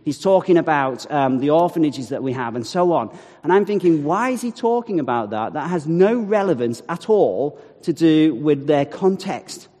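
A man with a somewhat high voice tells a personal faith story to an audience. He is animated and acts out quotes, with wry asides. His voice rings with the long reverb of a large hall. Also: moderate pace. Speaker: speaker telling a testimony. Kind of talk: storytelling talk.

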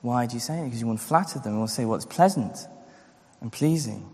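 A man's voice: medium pitch, animated, brisk, a little mellow, slightly rough. A man preaching a sermon, earnest and full of rhetorical questions, acting out the voices he quotes. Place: church. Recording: long hall reverb.

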